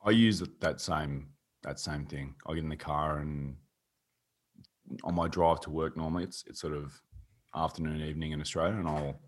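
Here a man co-hosts a podcast, weighing his thoughts aloud in a measured, slightly hesitant way. His voice is extremely deep and noticeably husky. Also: fairly even intonation. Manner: measured, reflective, hesitant with fillers. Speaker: podcast co-host. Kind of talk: casual chat.

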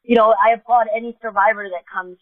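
A woman's voice: on the high side, fairly even intonation, quick pace, dry recording. New York woman on a phone line. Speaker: guest, advocacy organization co-founder. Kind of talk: earnest podcast interview.

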